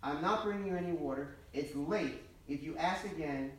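A man's voice: fairly high pitch, normal speed, natural voice. A strict father turning down his son in short, firm sentences, as a man acts him out. The voice rings through a very reverberant church and is picked up from a distance. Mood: stern. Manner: firm, curt refusals. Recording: echoey church from far off.

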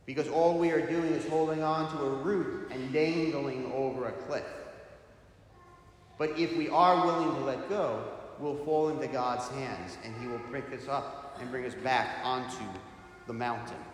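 A man, a priest, delivering a sermon with slow, emphatic preaching that rises strongly on key words. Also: medium pitch, fairly even intonation, slight background noise. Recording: echoey church hall.

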